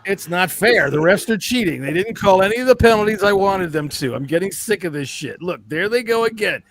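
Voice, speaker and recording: A man's voice: high voice, expressive, fairly quick, fairly bright tone, pitched above the performer's own voice. A man voicing a petulant male football fan who complains that the refs are cheating. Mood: whining. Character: whiny sore-loser male football fan.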